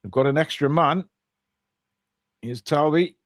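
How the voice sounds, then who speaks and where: A man with a slightly high voice and a somewhat slow delivery co-hosts a live football watchalong. He provides chatty play-by-play and jokey asides, recorded cleanly in a studio with no echo.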